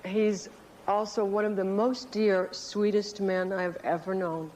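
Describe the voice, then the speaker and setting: Woman, mid pitch, halting affectionate tribute, faint hiss. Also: steady tone. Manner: halting, affectionate, nervous storytelling. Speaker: actress giving a tribute. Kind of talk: personal anecdote from a stage.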